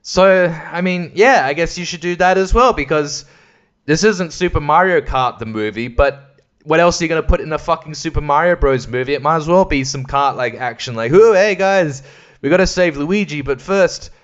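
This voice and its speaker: A man's voice: fairly high pitch, normal speed, fairly bright tone, clean tone, muffled recording. Sweary rambling man. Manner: sweary, rambling, laughs often, mimics voices. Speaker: podcast host. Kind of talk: casual solo chat.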